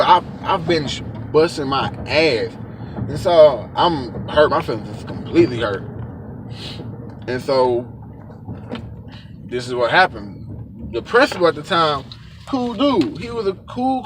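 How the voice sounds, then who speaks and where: A young man casually telling a personal story, emphatic and profane, acting out what people said. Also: a little high. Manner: emphatic, profane, acts out quoted dialogue. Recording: noisy background.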